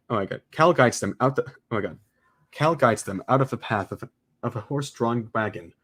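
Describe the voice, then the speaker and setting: A man streaming a casual script read-through, excitable and exclaiming at his own slips. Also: mid-range voice. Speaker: streamer reading a film script aloud.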